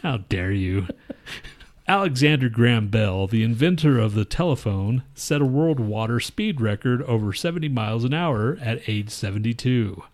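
A man's voice: mid-range voice, lively intonation, normal speed, darkish tone. A man co-hosting a podcast who rambles through crude jokes, swears a lot, and reads trivia facts aloud in casual banter. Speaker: podcast co-host.

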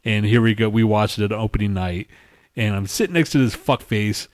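A man's voice: fairly low pitch, fairly quick. A man co-hosting a podcast, telling rambling, profane stories in casual chat and acting out people he mimics. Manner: profane, rambling storytelling with animated imitations. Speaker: podcast co-host.

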